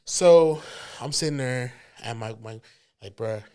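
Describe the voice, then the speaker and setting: A man's voice: medium pitch, measured pace, darkish tone, clear, resonant tone. A man on a podcast telling a wedding story in casual, slangy chat, laughing and acting out quotes. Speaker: podcast co-host.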